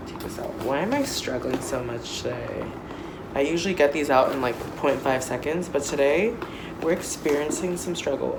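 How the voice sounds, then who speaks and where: A woman in her thirties chatting casually through an unboxing, gushing and excitable, with lots of fillers, recorded on a phone. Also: deep voice, very noisy. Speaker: doll unboxing vlogger. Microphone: phone camera.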